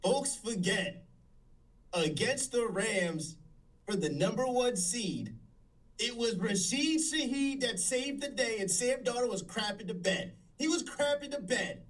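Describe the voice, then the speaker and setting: Sports show guy breaking down his take, kinda high voice, sounds far from the mic. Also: lively intonation, a bit bright. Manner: argumentative, measured breakdown. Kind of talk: sports debate commentary.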